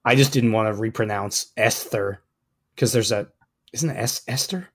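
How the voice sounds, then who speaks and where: A man co-hosting a podcast in casual chat, reading things aloud with a blunt, wry, deadpan delivery. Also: lowish voice, moderate pace, husky. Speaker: podcast co-host.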